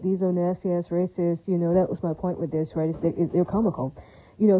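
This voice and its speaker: Her voice sits on the low side and sounds mellow as she talks directly to the camera in a meandering, repetitive way, full of filler words, emphatic religious exclamations and more. The low-quality recording carries no room sound.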